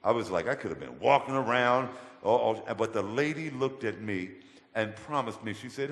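As a guest in a church hall, a man tells his testimony as a story, colloquial and animated, acting out voices as he goes. His medium-pitched voice moves at normal speed, and the hall's long reverb makes it echoey.

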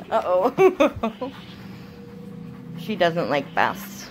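A woman's voice: on the low side, big pitch swings, drawn-out words, pauses often, a crowd in the background. A young woman at home filming her dog, chatting and cooing at it in a sing-song pet voice and laughing often. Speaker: dog owner vlogger. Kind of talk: casual home video narration. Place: home, indoors.

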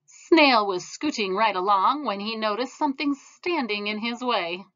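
A woman reading a children's picture book aloud in a gentle, expressive manner. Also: medium pitch, measured pace, dull audio. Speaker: storybook reader. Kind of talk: storybook read-aloud.

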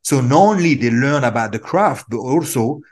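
A man's voice: mid-range voice, normal speed. French-accented man chatting as a guest. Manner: animated, rambling, repeats words. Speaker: actor guest. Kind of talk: casual interview chat.

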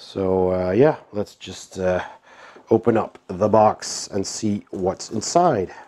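A man's voice: low voice, takes it slowly. A man with a cold and a nasal voice, casually commenting while unboxing a board game, with frequent fillers and chuckles. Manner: relaxed, chuckling, lots of fillers.

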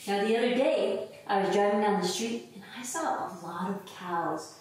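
This kids' yoga teacher has a medium-pitched, slightly mellow voice and talks at a moderate pace. She leads the children through their lesson in a sing-song, playful way, making animal sounds with them. The audio has echo, faint noise, and a distant voice.

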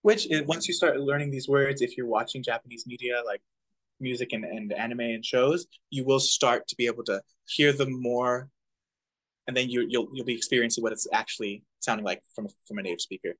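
A man's voice: mid-range voice, brisk. A man teaching a casual community language class, chuckling now and then and demonstrating pronunciations. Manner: relaxed, chuckling, many fillers, demonstrates pronunciation.

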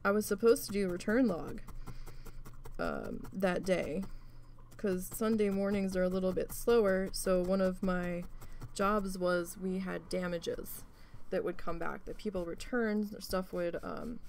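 A woman chatting through a long work story while crafting, rambling and swearing, with plenty of fillers and quick bursts of acted-out dialogue. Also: lowish voice, expressive, darkish tone, slight background noise. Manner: rambling, profane, with many fillers; acts out quoted voices in bursts. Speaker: craft vlogger.

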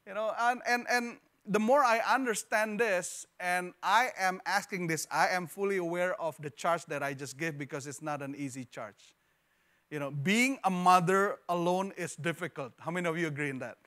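High-voiced animated male pastor preaching. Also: moderate pace. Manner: animated, repeats words, jokes with congregation. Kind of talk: sermon. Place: church hall.

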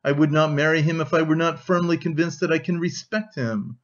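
A man's voice: fairly high pitch, fairly even intonation, a little fast, muffled recording, lightly acted. A man reading an audiobook, voicing a proud young woman who speaks firmly and dryly. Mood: upset. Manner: firm, dry, cool.

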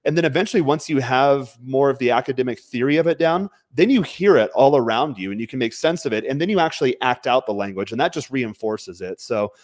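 A man's voice: mid-range voice, expressive, fast talker, few pauses, a little mellow, no room sound, clean studio sound. Blunt, emphatic man in casual chat. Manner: blunt, emphatic, drops the odd swear word. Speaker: podcast host. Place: home.

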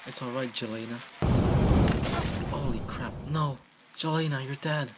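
A man giving casual, excitable let's-play commentary from his computer, talking to the game and yelping at crashes. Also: mid-range voice, unhurried, very noisy. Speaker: gaming channel host. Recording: home mic with clear keyboard clicking.

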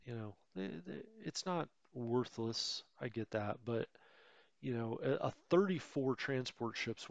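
A man's voice: mid-range voice, dry recording. Rambling man narrating a war game. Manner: rambling, self-correcting, chatty asides. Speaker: let's play host. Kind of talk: casual gameplay commentary.

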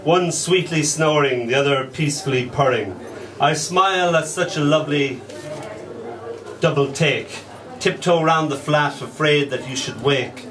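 A man reading his own poems aloud at a live poetry night, slow and deliberate, letting line ends fall soft and quiet. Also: a little high. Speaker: poet. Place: small poetry venue with an audience. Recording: distant live recording with audience noise. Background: audience laughing and murmuring.

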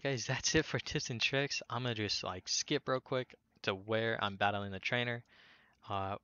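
A man's voice: fairly low pitch, sharp tone. A young man giving casual, rambling gameplay commentary as a gaming video host, upbeat and full of fillers and restarts. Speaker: gaming YouTuber. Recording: dull lo-fi audio.

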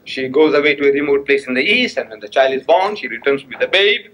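A man's voice: mid-range voice, big pitch swings, fast, fairly bright tone. A man giving a public religious lecture in a mosque hall, telling a story through repeated phrases and rhetorical questions, and acting out both sides of the quoted dialogue. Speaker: Islamic lecturer.

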